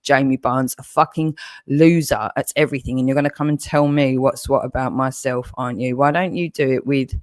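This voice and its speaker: A man's voice: mid-range voice, fairly even intonation, brisk, no echo. An Englishman in an aggressive, threatening rant, swearing heavily and repeating his target's name again and again. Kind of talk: angry on-camera rant.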